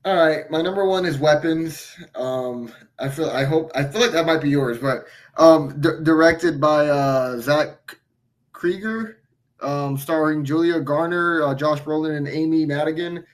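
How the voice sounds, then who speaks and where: Man film reviewer, casual chat, slightly high voice, easygoing and halting. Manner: easygoing, agreeable, halting with fillers.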